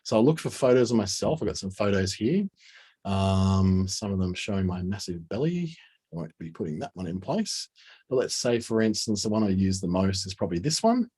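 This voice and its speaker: A man talks through a design tutorial on his screen. His voice is low and a little husky. He thinks aloud in a casual, chatty way as he clicks through each step. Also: very animated, a little fast, darkish tone. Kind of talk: screen-share software tutorial.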